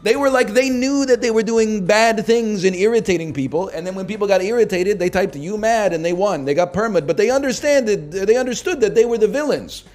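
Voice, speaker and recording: Streaming live in a high, brisk voice with hardly any pauses, a man chats and jokes casually. He swings between muttered asides and loud, animated rants.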